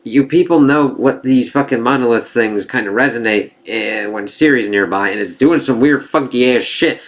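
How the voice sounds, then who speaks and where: A man reviewing a TV series in a loose, unscripted ramble. His voice sits a little low, and he swears freely, piling on asides and working himself up into excitable bursts. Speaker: TV show reviewer. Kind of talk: casual spoken review.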